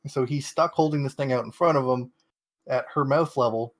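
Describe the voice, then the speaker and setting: A man's voice: medium pitch, fairly even intonation, a little fast. Rambling young man recapping a show. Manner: rambling plot recap with many fillers and quoted asides. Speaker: podcast co-host. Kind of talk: casual chat recapping an anime episode.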